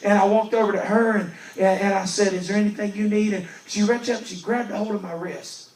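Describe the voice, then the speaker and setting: Emphatic evangelist in a roomy church. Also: male voice, high voice, fairly even intonation, brisk. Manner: emphatic, swings from loud to hushed. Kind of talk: storytelling sermon. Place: church sanctuary. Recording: roomy church recording from a distance.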